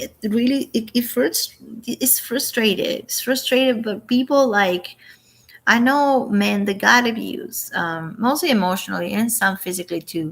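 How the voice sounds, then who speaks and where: In a casual opinion vlog, a woman rambles indignantly, restarting sentences and quoting others. Her voice is on the low side, with vocal fry and a slightly bright edge.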